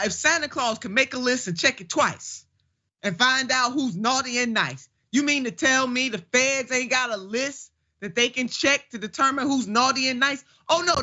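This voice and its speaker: A woman's voice: mid-range voice, pushed and bright, lo-fi sound. A woman hosting a political commentary show, talking in an emphatic, folksy, preacher-like way. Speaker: show host.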